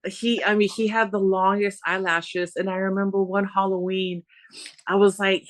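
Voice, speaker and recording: A woman in her forties talks as a podcast guest, chatty and animated, slipping into the voices of people she remembers. Her pitch is middle-of-the-road for a woman. The delivery is loose and conversational. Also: moderate pace, no echo. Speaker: interview guest. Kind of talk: personal storytelling in interview.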